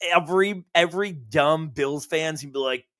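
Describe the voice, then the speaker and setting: A man's voice: a little high, normal speed, fairly bright tone, no room sound, studio quality. A man co-hosting a podcast, chatting casually with laughs and restarts. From Buffalo, New York area. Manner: rambling, laughing, self-interrupting. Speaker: podcast co-host. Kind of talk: casual chat.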